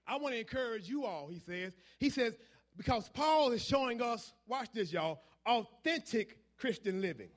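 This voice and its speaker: A man preaching a sermon, building from quiet asides to loud call-and-response shouts. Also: very high-pitched, animated, normal speed.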